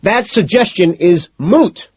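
A man's voice: medium pitch, wildly swooping pitch, drawn-out words, a bit bright, slightly rough, lo-fi sound, voice pushed up, exaggerated voice. An audiobook narrator voicing an agitated young businessman who screams pedantic complaints. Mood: exasperated.

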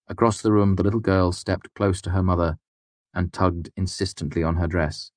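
Male audiobook narrator, very low voice, dry close recording, measured delivery. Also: fairly even intonation, no echo. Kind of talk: scripted narration.

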